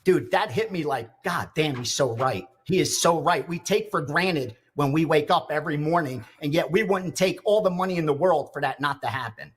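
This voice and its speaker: A man's voice: a little high, normal speed, hardly any pauses, slightly rough. A man on a sports betting show who reads off his picks and then tells a story in a fervent, preachy way. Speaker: sports handicapper. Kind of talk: reading picks, then casual chat.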